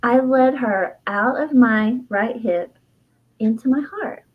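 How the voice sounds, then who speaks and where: A middle-aged woman, an herbalist and author, telling a personal story in an interview, reflective and heartfelt, with fillers and soft laughs. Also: fairly high pitch, slow, husky, narrow, tinny audio.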